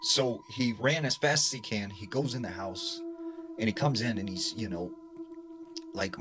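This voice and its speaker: A man's voice: lowish voice, moderate pace, background noise. Casual man telling creepy stories. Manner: casual, many fillers like "like" and "you know". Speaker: storyteller. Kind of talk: scary story narration. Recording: music playing underneath.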